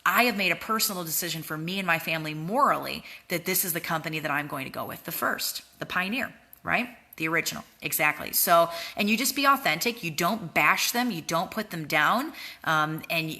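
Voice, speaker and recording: A network marketing team leader gives a motivational training talk to her sales team in a low, sharp voice. She's earnest and repetitive, repeating words and often ending lines with "right?".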